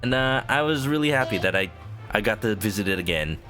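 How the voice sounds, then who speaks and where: A man's voice: fairly low pitch, animated, a little fast, sharp tone, soft background music. A man chatting casually with viewers while playing a game on stream, rambling with lots of "like" fillers.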